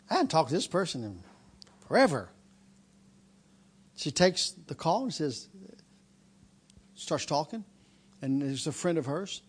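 A man preaching a sermon, telling a personal story and then building into a loud, repetitive preaching cadence. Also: on the high side, breathy edge.

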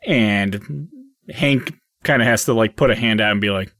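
Low-voiced man narrating as dungeon master. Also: fairly bright tone, dry recording, studio quality. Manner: casual, halting with many fillers. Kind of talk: narrating a tabletop game.

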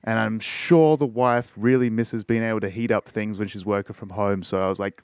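A man's voice: lowish voice, lively intonation, normal speed, darkish tone, clear, resonant tone, no room sound, studio quality. Sweary Australian man telling a story. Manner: profane, rambling, self-interrupting. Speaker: podcast host. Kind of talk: casual comedic storytelling.

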